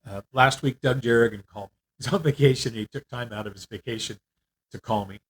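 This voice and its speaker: An older man giving a casual, candid video update on his treatment. He rambles a little, fills pauses often, and sounds worn out. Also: medium pitch, breathy edge. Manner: candid, rambling, with frequent fillers. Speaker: vlogger. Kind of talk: casual personal health update.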